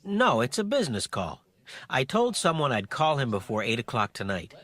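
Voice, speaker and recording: A man's voice: mid-range voice, wildly swooping pitch, normal speed, fairly bright tone, no echo. An actor playing a friendly, cheerful father in a scripted family dialogue.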